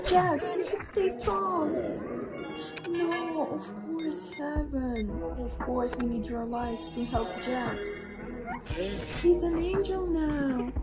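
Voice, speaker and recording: Woman reacting to cartoons, high voice, very slow drawn-out talk, excitable, loud music behind. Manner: excitable, gasping and exclaiming. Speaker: reaction video host. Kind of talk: reacting to animations.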